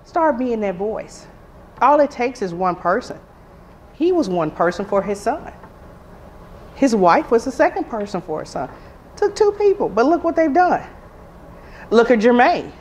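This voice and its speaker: A woman's voice: on the high side, big pitch swings, a little slow, long pauses, a little mellow, slight background noise. A woman who works as a pediatric nurse, giving a rousing conference talk with emphatic, repeated calls to action. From Arkansas, US. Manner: emphatic, rallying, preacher-like repetition. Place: conference room.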